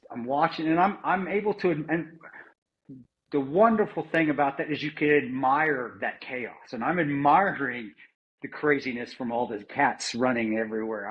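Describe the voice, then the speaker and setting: An interview guest, a middle-aged American man who served as an Army Ranger and later a security contractor, recounts his combat memories with a husky, medium-pitched voice at a moderate pace. He's candid and plain-spoken, often restarting sentences and swearing now and then. The audio sounds dull and somewhat lo-fi, like a modest podcast setup.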